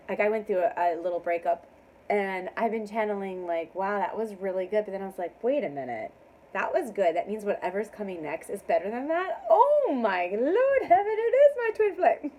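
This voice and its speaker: Excitable woman doing a tarot reading. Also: mid-range voice, slight background noise, low-quality recording. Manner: excited, emphatic affirmations; laughs often. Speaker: tarot reader. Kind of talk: casual tarot reading to camera.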